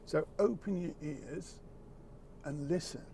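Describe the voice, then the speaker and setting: Man, unhurried, gravelly, mellow tone, earnest and halting, reflective chat. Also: fairly high pitch, a little hiss or hum. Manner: earnest, halting, repeats words, occasional swearing.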